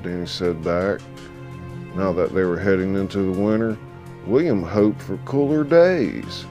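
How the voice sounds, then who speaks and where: A man's voice: low-pitched, a little slow, mellow. A man narrating a story in a dramatic, emphatic audiobook style. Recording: faint background music.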